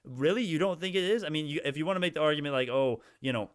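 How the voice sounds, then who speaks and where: A man's voice: a little high, racing, clean tone, no echo, studio quality. A young man hosting a casual stock livestream, ranting heatedly at his chat with many restarts.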